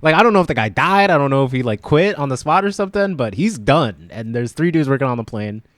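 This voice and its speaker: A young man tells a rambling story on a casual podcast, breaking into laughs and acting out the lines of the people in it. His voice sits at an ordinary pitch for a man. The sound is dry and close to the mic. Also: lively intonation, fast talker, dry recording. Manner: rambling, laughs often, acts out quotes. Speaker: podcast co-host.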